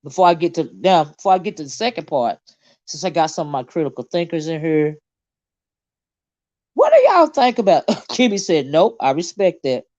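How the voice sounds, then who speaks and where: Animated, indignant woman livestreaming. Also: low voice, moderate pace, dry recording, lo-fi sound. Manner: animated, indignant, swears freely, reads chat aloud. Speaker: livestream host. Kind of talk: casual livestream chat.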